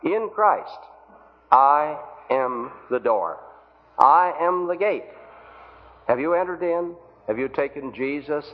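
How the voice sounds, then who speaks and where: Earnest preacher on a tinny recording. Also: male voice, on the high side, lively intonation, slow, long pauses. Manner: earnest pleading, rhetorical questions. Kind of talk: evangelistic sermon. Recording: tinny phone-like old recording.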